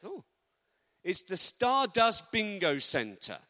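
Male preacher, chatty and jokey, slightly high voice, long church-hall echo. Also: wildly swooping pitch, slow pace, sharp tone. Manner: chatty, joking storyteller. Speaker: visiting preacher. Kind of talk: informal sermon with personal stories.

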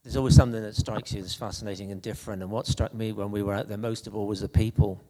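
A man delivers a sermon in a relaxed, conversational way, often stopping to restart his sentences. His voice is low and mellow. A long reverb hangs around him, as in a church hall. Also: fast talker. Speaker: preacher. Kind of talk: anecdotal sermon.

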